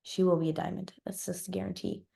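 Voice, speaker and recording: A woman's voice: lowish voice, level tone, quick pace, creaky, warm tone. A woman on a team call speaking in an earnest, reflective and encouraging way. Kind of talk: personal testimony on a team call.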